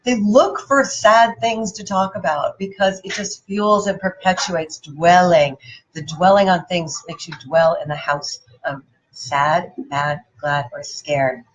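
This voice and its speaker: A woman giving a playful, animated motivational talk and putting questions to her audience. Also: fairly low pitch, takes it slowly, slight background noise, poor audio. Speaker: motivational speaker.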